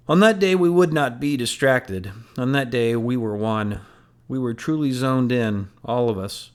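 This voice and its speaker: A man reading a novel aloud in first person, measured and earnest. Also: mid-range voice. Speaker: audiobook narrator.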